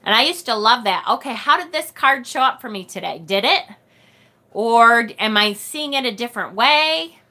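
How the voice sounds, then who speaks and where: A middle-aged woman with a Rochester, New York accent, hosting a casual tarot livestream and reading viewer comments aloud, chatty and quick to laugh. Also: on the high side, expressive, sharp tone. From United States. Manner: chatty and bubbly, laughs often, trails off and restarts.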